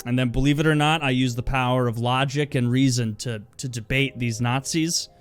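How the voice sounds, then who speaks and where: A man hosting a podcast, casually telling an absurd story in a deadpan way. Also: medium pitch, moderate pace, clear, resonant tone, faint music behind. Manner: deadpan storytelling, breaks into laughs. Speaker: podcast host.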